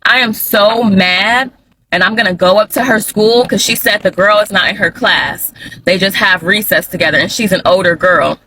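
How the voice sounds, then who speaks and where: A woman's voice: medium pitch, normal speed, sharp tone, slight background noise, poor audio. An angry mother, talking bluntly and with heat in a personal vlog and hammering her words for emphasis. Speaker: mother vlogger.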